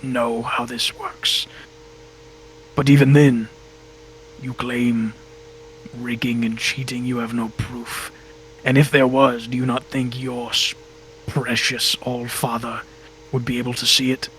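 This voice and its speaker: A man's voice: medium pitch, little pitch movement, a little slow, pauses often, a bit bright, a little hiss or hum, natural voice, poor audio. A man playing a condescending ancient god. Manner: cold, condescending. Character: imperious ancient male god of the court.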